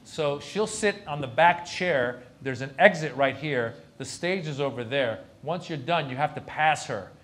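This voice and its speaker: A man's voice: on the high side, measured pace, hardly any pauses, a bit bright. A man, a comedian, telling anecdotes at a lecture Q&A and acting out other people's lines. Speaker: comedian guest at a university lecture. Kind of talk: storytelling anecdote in a Q&A.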